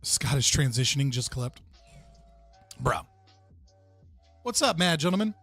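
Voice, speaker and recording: A man's voice: mid-range voice, animated, a little slow, gravelly, fairly bright tone, slightly rough, faint music behind. Casual profane male livestreamer. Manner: casual, profane, chatting with his viewers. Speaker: livestream host.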